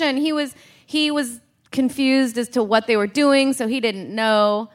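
A woman's voice: fairly high pitch, measured pace. A woman co-hosting a live comedy podcast on a theater stage, telling rambling stories and laughing mid-sentence. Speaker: podcast co-host.

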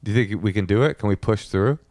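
A man co-hosting a podcast chats casually and jokes in a playful, exaggerated way. His voice is on the low side with a darkish tone, and he speaks fast in a dry, clean studio recording.

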